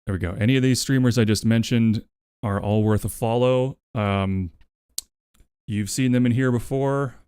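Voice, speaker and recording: A man's voice: mid-range voice, normal speed, warm tone, smooth, no echo, clean studio sound. A man live streaming who chats casually with his viewers, rambling, swearing freely and thanking them over and over. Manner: rambling, profane and effusively thankful.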